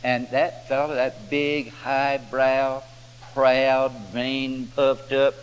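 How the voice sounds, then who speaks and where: A man's voice: mid-range voice, flat delivery, very slow, dull audio. Folksy preacher man in an echoing hall. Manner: folksy drawling preacher who acts out the characters' voices. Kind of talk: folksy sermon storytelling. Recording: hall reverb with faint hum.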